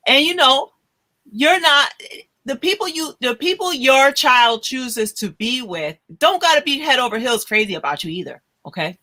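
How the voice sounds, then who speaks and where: A woman's voice: high voice, normal speed. A woman hosting a casual podcast chat, telling stories and acting out the voices of people she quotes. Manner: animated storyteller, acts out quoted voices. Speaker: host.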